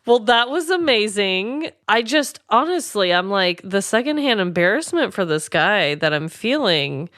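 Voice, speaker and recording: Female podcast co-host, high, animated voice, slow unhurried pace, exclamatory. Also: dry recording, studio quality. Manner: expressive, laughs often, exclaims. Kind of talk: casual chat.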